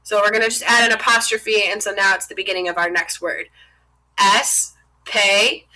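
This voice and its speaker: A woman's voice: mid-range voice, steady tone, normal speed, pushed and bright, rough recording. A young adult woman, a French teacher, explaining verb conjugations in a chatty, informal way while writing on a board. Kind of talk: casual classroom explanation.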